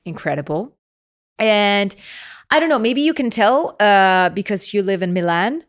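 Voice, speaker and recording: Italian-accented woman with a smooth voice. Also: medium pitch, unhurried. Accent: Italian, Roman. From Rome, Italy. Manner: expressive, lively storyteller with frequent hesitations. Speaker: polyglot content creator guest. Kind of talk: casual interview chat.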